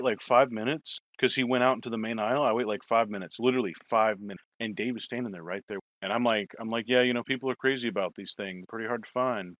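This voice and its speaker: A man's voice: lowish voice, a bit bright, no echo. A man telling a long story in casual chat, swearing and rambling, acting out quoted lines. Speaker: toy collector telling a story.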